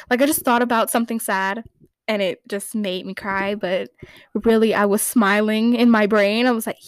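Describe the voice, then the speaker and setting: A woman's voice: a little high, no echo. Giggly, rambling woman podcast host. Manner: rambling, giggly and playfully opinionated. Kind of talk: casual fan recap chat.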